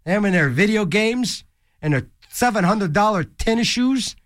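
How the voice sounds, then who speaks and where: A goofy man DJing on college radio, rambling from joke to joke. His voice sits high and swings all over the place. The sound is dry and close on a studio mic. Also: animated, normal speed, no room sound. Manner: goofy, rambling, jokey asides and silly voices. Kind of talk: casual DJ banter. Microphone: studio microphone.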